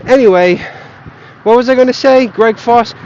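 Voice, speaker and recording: An extremely high-pitched but darkish male voice, at normal speed, belongs to a stoned young vlogger ranting heatedly about markets. He swears and rambles while walking outdoors on grass, captured in a dull lo-fi recording with slight background noise.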